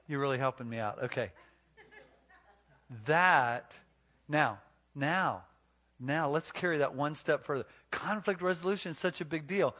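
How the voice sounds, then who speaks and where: A man's voice: a little high, a little slow, bright, forceful tone. A man speaking at a marriage retreat, preaching emphatically and coaching volunteers through role-play. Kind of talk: sermon-like teaching with live role-play.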